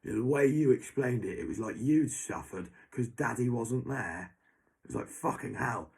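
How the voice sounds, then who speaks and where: A man's voice: mid-range voice, normal speed, darkish tone, breathy edge. A young man, ranting angrily to someone who is not there. He swears heavily and keeps repeating that person's name. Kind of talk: angry monologue to an absent person.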